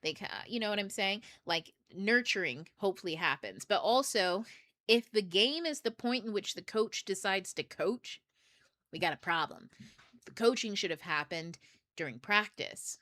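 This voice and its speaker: A woman's voice: medium pitch, moderate pace, dry recording. A woman hosting a book club livestream, talking candidly and animatedly with plenty of swearing. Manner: candid and profane, swears freely; animated, jumps between thoughts and asides. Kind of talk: casual livestream talk.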